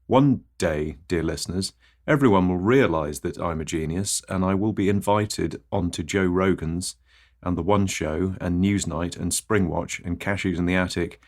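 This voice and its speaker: A man's voice: sits low, moderate pace. A man hosting his own comedy podcast, delivering a scripted absurdist monologue full of rambling wordplay and mock self-importance.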